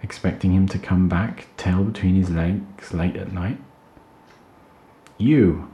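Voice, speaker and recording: A man reading fiction aloud at a steady, measured pace. His voice is deep, with a dark, mellow tone. The room around him gives a noticeable echo. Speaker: storyteller. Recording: roomy echo.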